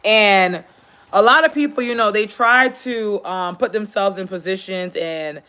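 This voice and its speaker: Bright-voiced woman preaching on a live stream. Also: mid-range voice, a little slow. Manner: earnest, preachy, repeats points for emphasis. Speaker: livestream host. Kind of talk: casual motivational livestream talk. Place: indoors, sitting on the floor. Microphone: phone.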